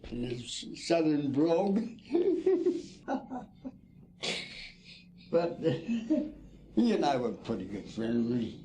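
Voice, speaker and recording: A man's voice: medium pitch, vocal fry, dark tone, a little hiss or hum. An older man, a former ball player, telling folksy stories in an interview. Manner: folksy storytelling, "see?" and "you know". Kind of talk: reminiscing interview.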